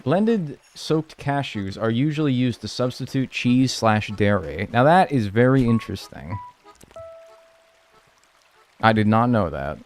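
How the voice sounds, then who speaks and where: A male streamer talking casually with his chat, jokey and animated. His pitch rises and falls a lot as he reacts, and it sits at an ordinary middle height. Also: unhurried, soft background music. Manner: animated, joking, reads and answers chat.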